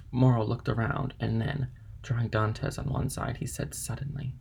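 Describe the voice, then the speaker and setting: Gravelly-voiced male audiobook narrator. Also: mid-range voice, little pitch movement, normal speed, darkish tone.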